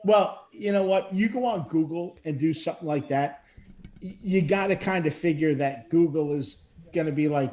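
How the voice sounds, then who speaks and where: A man's voice: a little high, moderate pace, darkish tone. Rambling, laughing man telling stories. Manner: rambling storyteller, laughs often. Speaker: podcast co-host. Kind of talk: casual chat.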